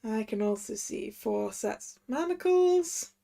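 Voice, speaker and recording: A woman's voice: fairly high pitch, lively intonation, measured pace, gravelly, dark tone. A woman streamer reading and commenting through a video game playthrough, musing aloud and correcting herself as she goes. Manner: musing, self-correcting, chatty. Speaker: let's play streamer.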